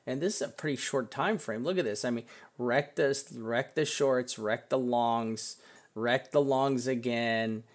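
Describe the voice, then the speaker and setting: A man's voice: medium pitch, darkish tone. A man casually walking through crypto price charts, rambling and restarting his sentences as he thinks aloud. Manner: swears casually. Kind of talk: casual live chart analysis.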